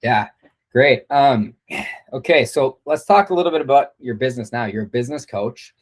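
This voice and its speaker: A man's voice: medium pitch, expressive, normal speed. A man hosting an interview podcast, reacting to his guest's stories and asking questions. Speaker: podcast host. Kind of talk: casual interview.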